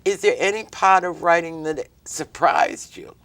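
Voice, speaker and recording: A local cable-TV host with a medium-pitched voice interviews a guest in a relaxed, chatty way. The host keeps jumping in to finish the guest's sentences. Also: measured pace, dry recording. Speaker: talk show host. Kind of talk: casual interview chat. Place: local TV studio.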